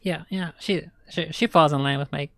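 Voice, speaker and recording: A woman's voice: low-pitched, normal speed, a little hiss or hum. A woman streamer chatting casually, rambling and giggly, while reacting on a close desk mic.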